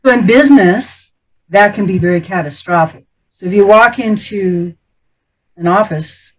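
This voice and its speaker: A middle-aged woman voice coach teaching about the speaking voice, animated and playful, often demonstrating how others talk. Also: medium pitch, unhurried, poor audio.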